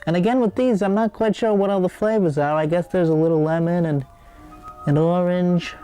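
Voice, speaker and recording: A man's voice: high voice, brisk, warm tone, faint music behind. A man hosting a comedic cooking show, rambling and digressing with many hesitations.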